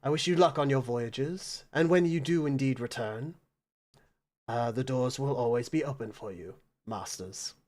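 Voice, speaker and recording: A man plays a courteous male castle host in a tabletop game. He is formal and gracious, with a mid-pitched voice that speaks politely to his guests. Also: normal speed, a little mellow, close to an everyday voice.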